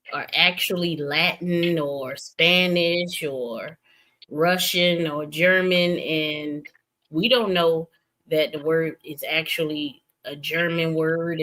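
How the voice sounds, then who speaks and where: A woman hosting a late-night stream, talking casually and getting emphatic as she tells stories. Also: sits low. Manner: animated, emphatic storytelling. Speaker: streamer host. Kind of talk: casual chat. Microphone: streaming setup.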